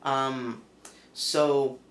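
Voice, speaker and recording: A man's voice: mid-range voice, flat delivery, very slow, a bit bright. A man telling a personal story to camera in a casual, emphatic way with many fillers. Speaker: vlogger. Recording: echoey room.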